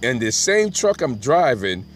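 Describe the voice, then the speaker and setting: A man's voice: medium pitch, sing-song, measured pace, a little hiss or hum. A middle-aged man telling a rambling, profane story and often asking "right?". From Brooklyn, New York.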